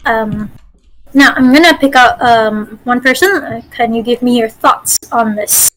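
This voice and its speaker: A woman's voice: a little high, a little slow, a bit bright, poor audio. A woman game master teaching a casual online voice acting workshop, chatty and full of fillers and restarts over a call mic.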